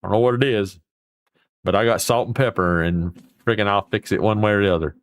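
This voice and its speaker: He talks fairly quickly in a lowish, steady voice, recorded dry. As a livestream host he chats casually through viewer comments, rambling folksily and dropping the occasional mild curse.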